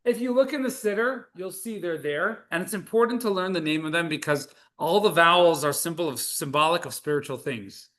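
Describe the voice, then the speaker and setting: A man's voice: on the high side, a little fast, few pauses, fairly bright tone. A man teaching a Hebrew reading class over a video call, patiently sounding out syllables one at a time. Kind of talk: online class instruction.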